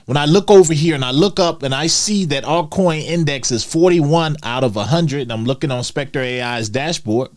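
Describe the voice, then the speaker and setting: A man's voice: a little high, normal speed, hardly any pauses. A man vlogging, telling a personal story in a chatty way and calling his viewers "guys". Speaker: finance vlogger.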